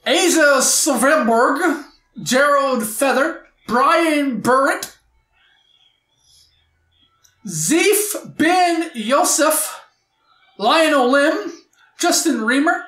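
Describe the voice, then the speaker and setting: Higher-pitched woman riffing in an echoey room. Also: extremely slow. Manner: animated, loud outbursts while reading credits. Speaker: movie riff host. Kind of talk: casual movie commentary. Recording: echoey room with faint music.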